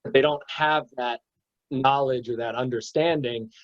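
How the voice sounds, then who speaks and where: A man's voice: mid-range voice, fairly even intonation, measured pace. A man teaching in a casual spiritual discussion, talking emphatically and bluntly with swearing, and acting out little scenes, over a lo-fi internet stream. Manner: emphatic, profane, acts out examples. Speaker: meditation teacher. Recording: dull lo-fi audio.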